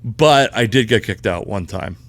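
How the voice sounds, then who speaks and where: Animated storytelling man, dry close sound. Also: fairly low pitch, normal speed, creaky, no room sound. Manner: animated storyteller who gets loud and laughs at the peaks and swears freely. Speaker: podcast co-host. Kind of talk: casual chat, storytelling.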